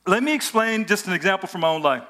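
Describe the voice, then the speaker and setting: A man preaching a sermon to his congregation, telling the story with animated asides and acting out the characters' lines. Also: sits high, fast. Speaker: pastor.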